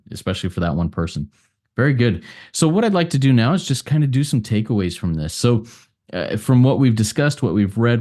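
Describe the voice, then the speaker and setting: A man moderating a recovery roundtable, measured and appreciative, with some halting restarts. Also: low voice, mellow.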